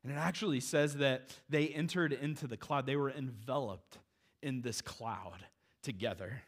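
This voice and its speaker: A man preaching a sermon in a conversational, animated way, with casual asides to the congregation. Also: medium pitch, moderate pace. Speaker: pastor.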